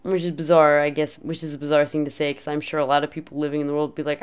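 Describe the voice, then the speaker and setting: A person musing candidly in an interview with quick asides. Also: mid-range voice, level tone, clean tone.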